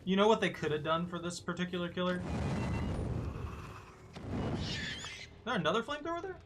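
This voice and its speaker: A man casually commentating his own gameplay, talking to himself and breaking into sudden loud whoops. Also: sits high, big pitch swings, a little fast, background noise. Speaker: gaming streamer.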